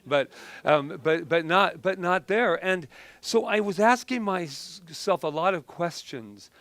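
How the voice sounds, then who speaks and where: Chatty male minister, slightly high voice. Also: slow pace, a bit bright, no room sound. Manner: chatty, self-deprecating storytelling with frequent restarts. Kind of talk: conversational sermon.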